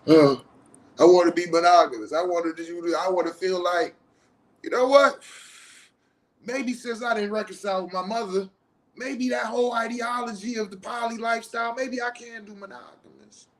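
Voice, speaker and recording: A middle-aged man in an emotional confessional monologue, blunt and full of swearing, swinging from loud outbursts to low muttering. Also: fairly even intonation, normal speed. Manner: profane, heated and blunt. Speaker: host.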